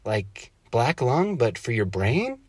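A man's voice: sing-song, slow, a little mellow, breathy edge, dry recording, heavily acted. A man reading a story aloud, voicing a curious, chatty little girl at bedtime in a raised childlike voice. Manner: raised childlike pitch, sleepy questions.

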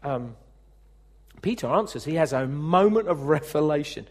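Male pastor, sermon, conversational, direct questions to listeners, slightly higher voice. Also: moderate pace. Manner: lively, acts out quoted speech.

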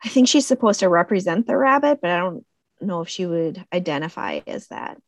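A woman chats briskly and animatedly about a film, popping into high-pitched voices for the characters' lines. There's no echo.

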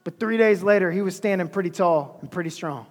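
A man's voice: high voice, a little fast. A male pastor preaching a sermon with emphasis, repeating key phrases, recorded in an echoey hall.

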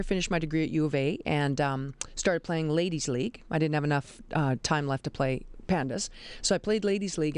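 Lively woman telling a story on air. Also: sits low, clean tone, no echo. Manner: lively, animated storyteller who acts out quoted voices. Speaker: basketball official and teacher. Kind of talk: radio interview guest. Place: radio studio. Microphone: studio microphone.

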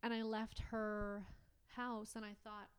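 Woman guest telling an emotional story, halting and restarting, dry close sound. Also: a little high, flat delivery, clean tone, no echo. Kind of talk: personal testimony in conversation.

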